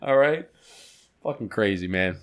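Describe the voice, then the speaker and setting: A man co-hosting a podcast, telling a work story in casual chat, acting out the people in it and swearing freely. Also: on the low side. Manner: fast, animated, acts out quoted people, swears a lot. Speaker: podcast co-host.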